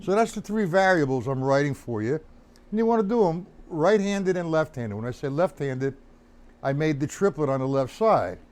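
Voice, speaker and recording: A man teaching a live-streamed drum lesson, explaining rhythms, counting beats out loud and greeting viewers by name. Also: fairly high pitch, animated, normal speed, noisy background.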